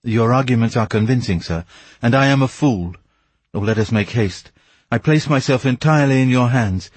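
A man's voice: mid-range voice, moderate pace, darkish tone, slightly rough, dry recording, lightly acted. A man voicing an impetuous, anxious young nobleman who pleads urgently.

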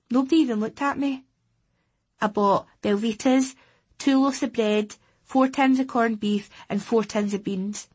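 A woman with a Scottish accent reading a first-person audiobook as a teenage boy, steady and plain. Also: mid-range voice, husky. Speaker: audiobook reader.

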